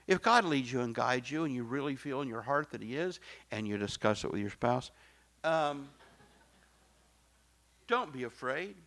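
A middle-aged male pastor preaching a sermon, emphatic and swinging from soft, low asides to loud exclamations. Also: expressive, normal speed, long pauses.

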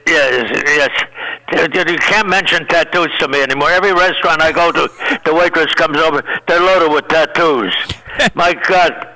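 An older man, a veteran comedian, telling show business stories in a lively, laughing way. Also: on the high side, normal speed, poor audio. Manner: animated storyteller, laughs often, acts out quotes. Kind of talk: casual anecdote chat.

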